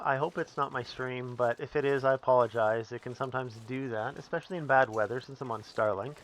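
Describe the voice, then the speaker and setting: A man's voice: medium pitch, fairly bright tone, a little hiss or hum. Chatty man streaming a game. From Northern Canada. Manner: chatty, answering chat while playing. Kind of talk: live gameplay commentary.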